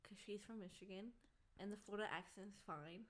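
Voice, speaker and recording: A woman's voice: medium pitch, fairly quick. A young woman guest chatting casually on a podcast, bubbly and giggly, with a slight lisp. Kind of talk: casual chat.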